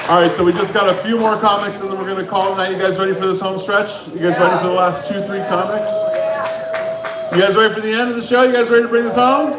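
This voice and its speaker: High-voiced club emcee hyping the crowd. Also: male voice, flat delivery, fast talker. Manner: hyping the crowd, loose and chatty. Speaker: comedy show host. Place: comedy club stage. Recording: echoey club with loud crowd.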